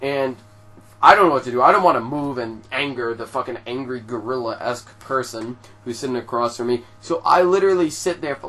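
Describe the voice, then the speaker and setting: A young man telling a story to his viewers in a casual, animated way, swearing often and filling his talk with "like". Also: medium pitch. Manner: profane, animated storytelling with frequent fillers. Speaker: vlogger.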